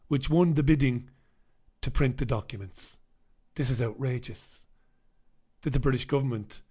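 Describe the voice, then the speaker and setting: A man's voice: mid-range voice, dark tone. Sardonic, sweary Irish man. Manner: sardonic and sweary, greeting viewers. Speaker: livestream host. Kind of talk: casual live-stream chat.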